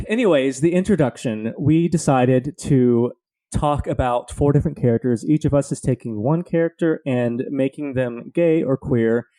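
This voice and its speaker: A man's voice: medium pitch, moderate pace, dark tone. A man from Louisiana with a Southern accent, co-hosting a podcast, reading a scripted intro and then bantering in a playfully defiant way. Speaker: podcast co-host.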